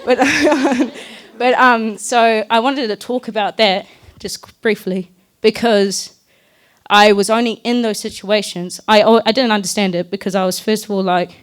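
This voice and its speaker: A woman's voice: medium pitch, steady tone, moderate pace, smooth. Candid young New woman. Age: young adult. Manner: candid and earnest, loosely chatty. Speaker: speaker at a community talk. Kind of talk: personal story talk.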